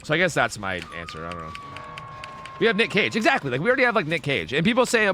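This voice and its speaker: A man's voice: a little high, wildly swooping pitch, fairly quick, sharp tone, a little hiss or hum. A man streaming a game live, rambling and swearing casually as he answers viewers' questions. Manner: rambling, profane, chatty, answering chat questions.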